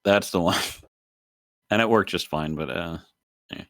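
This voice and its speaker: A man with a very low voice co-hosts a laid-back gaming podcast. He rambles through his thoughts with plenty of "um"s and laughs often. The sound is dry and close, with no room echo. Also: unhurried, fairly bright tone. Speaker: podcast co-host. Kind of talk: casual chat.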